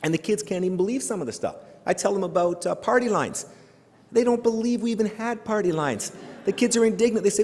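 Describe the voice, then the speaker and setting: A middle-aged man from Canada works a live audience in a big hall with quick, animated jokes. His voice sits high and races along. A long reverb trails each line. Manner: animated, joking, rhetorical questions. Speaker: keynote speaker. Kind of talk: humorous keynote speech. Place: large hall before an audience.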